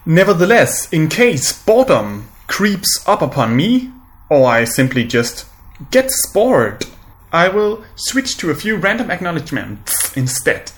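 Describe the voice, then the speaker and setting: A man composer giving a meandering, repetitive spoken lesson, often halting on purpose. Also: on the high side. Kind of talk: rambling spoken lecture. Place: large music venue. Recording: echoey room with loud music. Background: loud music.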